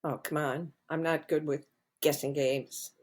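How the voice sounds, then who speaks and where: Middle-aged woman podcast co-host, husky, unhurried, low-pitched, musing storyteller. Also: steady tone, darkish tone. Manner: slow, thoughtful storytelling. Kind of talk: casual conversation.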